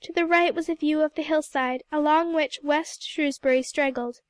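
A woman narrating a novel in a gentle, even storybook reading. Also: high voice, moderate pace, no room sound. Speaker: audiobook reader. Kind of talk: scripted narration.

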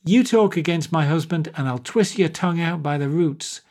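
A man's voice: fairly high pitch, moderate pace, darkish tone, voice pushed up, natural voice. A man reading aloud and voicing a huge, menacing woman who threatens.

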